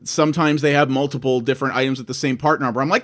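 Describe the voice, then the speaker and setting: Casting: Canadian guy in his thirties, exasperated ranter, mid-high voice, swears a lot. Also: quick pace, few pauses, a bit bright. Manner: exasperated, swearing, acts out both sides of phone calls. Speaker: vlogger. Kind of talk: ranting monologue.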